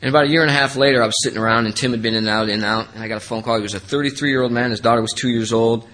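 A man giving an earnest, emotional personal testimony as a speaker at a recovery meeting. He rambles with many restarts and his voice drops low in the sad parts. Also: fairly even intonation, very fast, fairly bright tone, poor audio.

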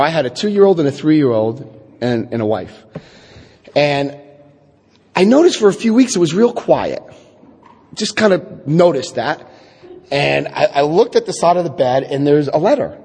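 Husky man telling his story. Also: a little high. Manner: animated storyteller, acts out quotes, wry asides. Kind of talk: personal testimony talk to an audience. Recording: echoey hall.

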